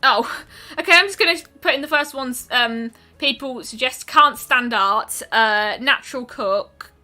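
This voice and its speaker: A woman's voice: high-pitched, a little slow, sharp tone. A woman streaming a game, musing aloud in casual commentary with lots of ums and trailing thoughts.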